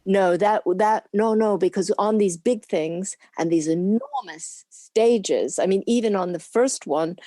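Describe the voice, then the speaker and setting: An older woman, a former camera assistant, chatting as an interview guest and telling lively stories with frequent laughs. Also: medium pitch, a little slow, few pauses, dry recording, studio quality. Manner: lively anecdotal storytelling with laughs; acts out quoted people in put-on voices. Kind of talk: casual interview reminiscing.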